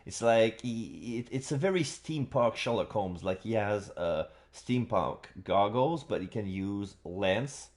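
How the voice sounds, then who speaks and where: A male streamer with a fairly low voice commentates on a game live. His tone rises and falls a lot, and he rambles with lots of fillers and restarts. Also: animated, unhurried, few pauses, a little mellow.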